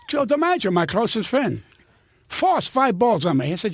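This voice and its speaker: Older male comic, raspy high voice, dry close sound, animated profane storyteller. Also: moderate pace, long pauses, dry recording. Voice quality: gravelly, husky. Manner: profane, animated storyteller who acts out every quote. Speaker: comedian guest. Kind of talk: storytelling anecdotes.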